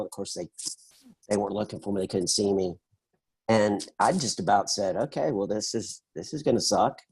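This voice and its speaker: A middle-aged man in an interview, telling his story in an animated, conversational way and acting out the voices of the people in it. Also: fairly low pitch, slightly rough, low-quality recording. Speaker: interview guest.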